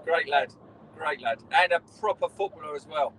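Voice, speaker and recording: A man's voice: a little high, moderate pace, a bit bright, a little hiss or hum, rough recording. A middle-aged man, a former footballer telling rambling stories in a casual interview. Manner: rambling storyteller, restarts, swears in quotes.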